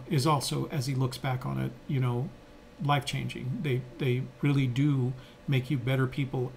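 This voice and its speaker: A man's voice: medium pitch, gravelly, slight background noise. Older man telling stories, casual and reflective. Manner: conversational, with frequent fillers and restarts. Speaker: podcast co-host. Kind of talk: reflective storytelling.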